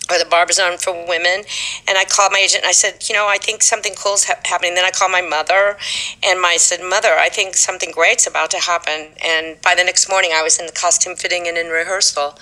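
An older woman from Texas, in her seventies, tells stories as an interview guest. Her voice sits a little low and sounds bright and forceful. She livens her anecdotes by acting out the voices of the people in them. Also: fast talker, poor audio. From Texas, USA. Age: 70s. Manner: animated, acts out quoted voices in her stories. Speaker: guest, stage actress and singer. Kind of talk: storytelling in a conversational interview.

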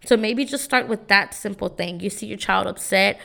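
In a creaky, sharp-toned voice of medium pitch, a young podcast host talks at a moderate pace about parenting. Her casual motivational talk is earnest, and she keeps asking "right?" after her points.

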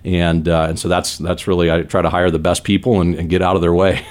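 A man's voice: low voice, little pitch movement, brisk. A man in his forties, a business leader from San Diego, telling stories in an earnest, rambling way with lots of fillers. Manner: earnest, rambling with many "you know" fillers. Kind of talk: conversational interview storytelling.

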